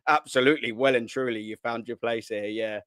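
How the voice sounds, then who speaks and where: A young man, hosting a casual live stream from his kitchen at home, talking in excitable slang, swearing and repeating himself. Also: medium pitch, moderate pace, clean tone, dry recording, studio quality. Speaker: football channel host. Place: at home, sitting at a kitchen island.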